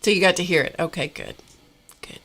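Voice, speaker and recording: Middle-aged woman, casual livestream host, chatty and rambling, lowish voice. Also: huge pitch swings, fairly quick, vocal fry, fairly bright tone. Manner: chatty, rambling, laughs often, talks to viewers by name.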